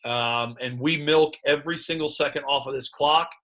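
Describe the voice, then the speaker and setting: Animated man telling coaching stories. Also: on the high side, normal speed. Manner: animated storyteller recounting sideline moments; plain coaching talk about play calls. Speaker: high school head football coach. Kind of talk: conversational game-film breakdown.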